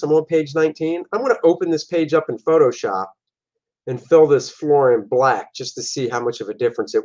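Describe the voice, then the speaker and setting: A man hosting a show and giving casual, animated commentary on his own comic artwork. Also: medium pitch, dull audio. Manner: animated, jumping into voices for his characters. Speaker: comic artist and show host.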